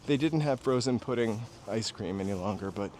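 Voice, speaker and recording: A man's voice: on the low side, expressive, brisk, darkish tone. A man from New Hampshire hosting a casual walking livestream outdoors at night, rambling through nostalgic stories and talking to viewers. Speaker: livestream host. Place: outdoors on a city street at night. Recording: street traffic noise behind. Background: passing cars and city ambience.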